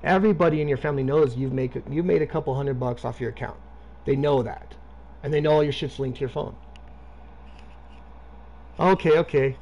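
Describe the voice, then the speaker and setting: A man's voice: fairly high pitch, fairly quick, pauses often, darkish tone, lo-fi sound, a little hiss or hum. A man streaming a video game, chatting casually and rambling with lots of swearing. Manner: profane, rambling, talking to a friend. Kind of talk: casual gaming stream chat.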